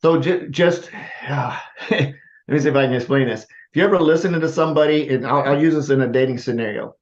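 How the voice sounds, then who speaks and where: A man's voice: mid-range voice, a little fast. A man coaching a group on sales calls, encouraging and acting out voice tones as examples. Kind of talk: call review coaching. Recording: lo-fi call audio.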